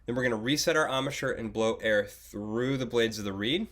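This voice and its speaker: A young man teaching a beginner oboe lesson, patient and encouraging, often pausing with fillers and restarting his sentences. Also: medium pitch, fairly bright tone. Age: young adult. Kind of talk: instructional video lesson.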